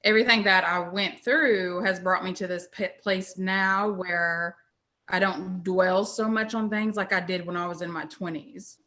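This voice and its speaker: A woman in her mid-thirties reflects in a workshop, measured and using fillers. Her voice is bright and a little tense, and it comes through a video call. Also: lowish voice, steady tone. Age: 30s. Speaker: workshop participant. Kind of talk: reflective sharing.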